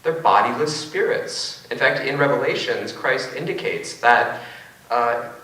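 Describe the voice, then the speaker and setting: A man with a bright, forceful voice gives a lecture-style debate talk, wry and full of joking asides. He is picked up from a distance in a big auditorium, and his words ring with heavy echo. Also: medium pitch, animated, measured pace. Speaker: philosophy professor. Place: large auditorium. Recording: echoey auditorium from far off.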